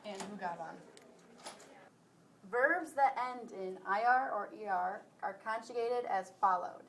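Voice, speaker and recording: A young woman slowly reciting Spanish verb conjugations for a school presentation. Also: mid-range voice, a bit bright. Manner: slow careful recitation of verb forms. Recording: distant mic with faint hiss.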